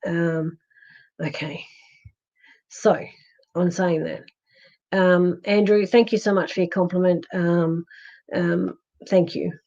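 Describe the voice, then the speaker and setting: A woman's voice: fairly low pitch, fairly even intonation, takes it slowly, vocal fry, pauses often, warm tone, muffled recording. An Australian woman hosting a psychic livestream, chatty and reassuring as she reads out viewer comments, with plenty of ums and restarts. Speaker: psychic medium livestream host. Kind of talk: live-stream chat reading viewer comments.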